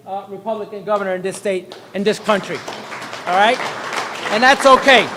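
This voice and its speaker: A man's voice: a bit bright, a little hiss or hum. A man, a state representative, giving a jokey, effusive speech at a press event. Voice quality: high-pitched, booming, jokey and effusive. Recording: long hall reverb.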